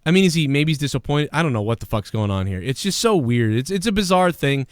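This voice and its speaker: A man hosting a podcast, ranting in a profane, animated way and mimicking people as he talks. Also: fairly high pitch, fast talker, dry recording, clean studio sound. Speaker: podcast host.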